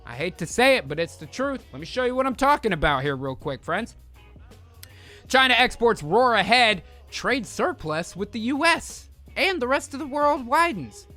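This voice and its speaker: A man's voice: extremely high pitch, sing-song, normal speed, bright, forceful tone, soft background music. A man hosting a podcast, ranting about foreign policy with lots of swearing and direct appeals to his listeners. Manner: heated, swearing, rants at the audience. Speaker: podcast host. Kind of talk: profane political commentary.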